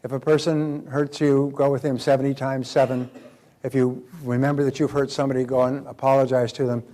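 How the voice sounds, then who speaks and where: A man giving a live motivational seminar talk, animated, acting out quoted dialogue. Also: medium pitch, a little fast. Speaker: motivational speaker.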